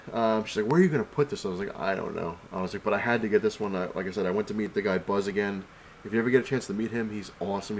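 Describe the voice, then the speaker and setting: Low-voiced man rambling through a haul. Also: slight background noise, rough recording. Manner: rambling storyteller, many fillers and "I was like" quotes. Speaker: comic collector vlogger. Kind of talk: casual convention haul recap.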